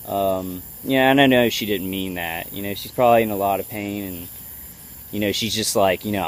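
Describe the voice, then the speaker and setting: A vlogger with a fairly low voice gives a personal video update, halting and full of fillers and restarts as he tries to stay calm and level.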